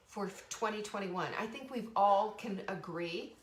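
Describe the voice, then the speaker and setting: A woman's voice: fairly low pitch, moderate pace. A middle-aged woman hosting a live show, talking in a bubbly, enthusiastic, chatty way with many restarts. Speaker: host. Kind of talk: live show, casual talk. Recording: roomy echo.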